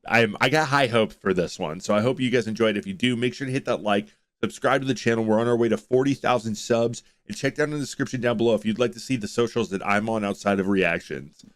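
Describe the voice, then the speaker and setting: A man's voice: fairly low pitch, fast, hardly any pauses, no echo. A young man hosting a reaction video, chatting casually and laid-back, often restarting his sentences. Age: young adult.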